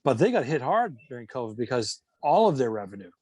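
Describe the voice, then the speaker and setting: Mid-pitched man chatting, dry close sound. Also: very animated, fast, a little mellow, husky, no echo. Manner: chatty, restarts often, jokey asides. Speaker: podcast co-host. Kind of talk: casual comedic chat. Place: indoors at a relative's house.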